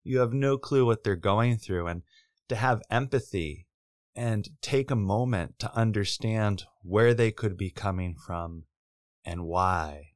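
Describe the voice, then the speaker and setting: A man's voice: lowish voice, a little slow, no echo, studio quality. A man co-hosting a podcast, talking earnestly and reflectively about resolving conflict. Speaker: podcast co-host. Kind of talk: reflective advice talk.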